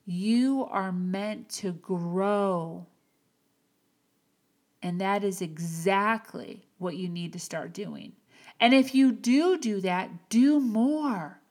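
Woman, podcast host, motivational monologue, encouraging, unhurried delivery, mid pitch. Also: darkish tone. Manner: earnest, encouraging, slow and emphatic.

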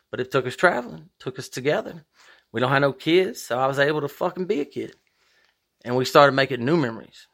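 A man hosting a podcast, talking in a profane, rambling monologue with big emphatic swings in pitch. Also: a bit bright. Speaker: podcast host. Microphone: podcast microphone.

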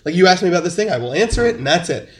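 A man's voice: sits high, very fast. A man in casual podcast chat, telling stories and acting out quotes. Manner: animated storyteller, acts out quotes.

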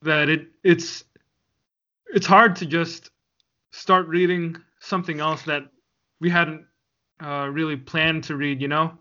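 A man's voice: on the high side, flat delivery, slow pace, long pauses, bright, forceful tone. A man co-hosting a podcast in casual chat, rambling and joking with frequent laughs. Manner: rambling, jokey, laughs often. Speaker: podcast co-host. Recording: dull lo-fi sound.

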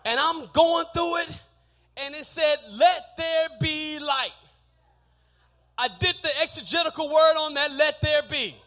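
High-pitched shouting Texan preacher. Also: male voice, unhurried. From Texas. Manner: call-and-response preaching, builds to shouting. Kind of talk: sermon. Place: church sanctuary.

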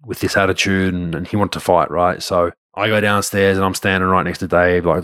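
A deep-voiced Australian man recounts an anecdote in easy, casual storytelling. He talks loosely and doubles back on his words often, with the odd swear word thrown in. The sound is dry and close, with no room around it. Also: little pitch movement, brisk, fairly bright tone, clean tone, dry recording. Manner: loose and conversational, frequent restarts and casual swearing.

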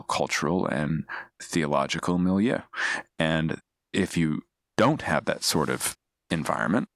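A man's voice: deep voice, vocal fry, a bit bright, no echo, clean studio sound. A man speaking as a podcast guest, explaining ideas in a thoughtful, digressive way with frequent restarts. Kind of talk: casual analytical discussion.

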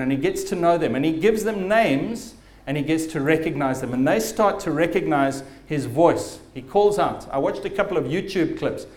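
A man's voice: a little high, lively intonation, moderate pace, a little mellow, reverberant. A man preaching a sermon as pastor, telling stories vividly and with emphasis.

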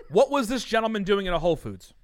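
A man's voice: sits high, very animated, moderate pace, darkish tone, a little hiss or hum. A young man co-hosting a podcast, telling a comic story in a profane, exasperated rant. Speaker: podcast co-host. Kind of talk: casual comedic storytelling.

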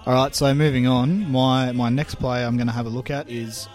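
A man's voice: mid-range voice, steady tone, moderate pace, a little mellow, faint music behind. An Australian man co-hosting a casual podcast, telling stories with playful banter. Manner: joking, banter-heavy. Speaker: podcast co-host. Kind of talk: casual chat.

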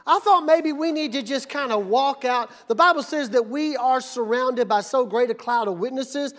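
A male pastor preaching a sermon in a church, moving from calm teaching to shouted, energetic call-and-response. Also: extremely high pitch, moderate pace. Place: church sanctuary.

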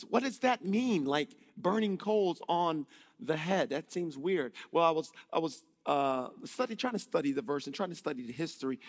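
A man preaching a sermon in a conversational, joking way, swinging between loud and hushed delivery. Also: fairly high pitch, long reverb tail.

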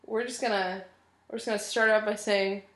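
A woman's voice: medium pitch, fairly even intonation, brisk, fairly bright tone, echoey room. A woman co-hosting a casual podcast, still sick and sniffling, chatting while lying on a couch in a living room. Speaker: podcast co-host. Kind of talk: casual chat.

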